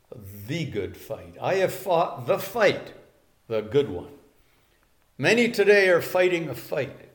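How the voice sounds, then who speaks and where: An older man preaching a sermon in an earnest way, repeating key phrases for emphasis. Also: medium pitch.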